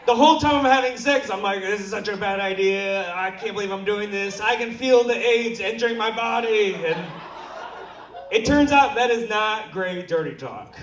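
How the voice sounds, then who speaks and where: A man's voice: high voice, normal speed, fairly bright tone, slight background noise. A young man from Seattle performing a crude, self-deprecating stand-up set and playfully bossing the crowd into clapping. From Seattle, USA. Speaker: stand-up comedian. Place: comedy club stage. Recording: echoey club audio from far off.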